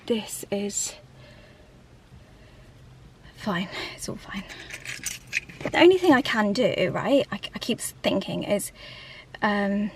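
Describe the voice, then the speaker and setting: A woman talking candidly in a casual vlog from inside a parked car, often dropping to a soft whisper. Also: medium pitch, slight background noise. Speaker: vlogger.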